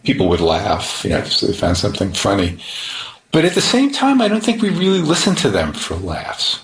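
A man's voice: fairly low pitch, huge pitch swings, moderate pace, vocal fry. Reflective man in a roomy space. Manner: thoughtful, recalling. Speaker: interviewee. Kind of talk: reflective interview. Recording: roomy echo.

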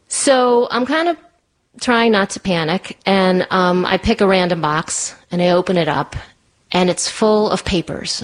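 A woman telling a personal story with animated, breathless, self-deprecating energy. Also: mid-range voice. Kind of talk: personal story told to an audience.

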